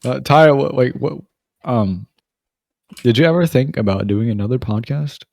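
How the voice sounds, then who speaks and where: A man's voice: mid-range voice, moderate pace, gravelly, darkish tone, no echo. Young male podcast host, rambling, stuttering, profane; dry close sound. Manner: rambling, stuttering, swears a lot. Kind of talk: casual chat among friends.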